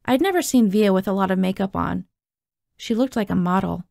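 A woman reads a novel aloud in an expressive first-person narration. Her voice is gravelly, with a mid pitch. The sound is dry and close. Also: fairly quick, no room sound. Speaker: audiobook reader.

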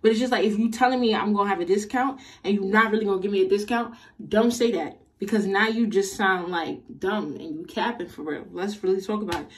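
A young woman vlogger telling a casual storytime in an animated, slangy, exasperated way. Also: medium pitch, fairly quick, hardly any pauses, far from the mic.

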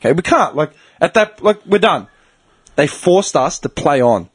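A man's voice: a little high, moderate pace, slightly rough. A man hosting a podcast, telling a long story in casual chat, swearing and acting out the people in it. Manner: animated, swearing, acts out the people in his story. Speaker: podcast host.

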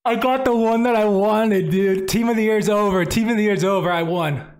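A man's voice: high-pitched, normal speed, clean tone. A man streaming a video game live, talking casually and enthusiastically to his chat from home. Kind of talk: live gameplay commentary.

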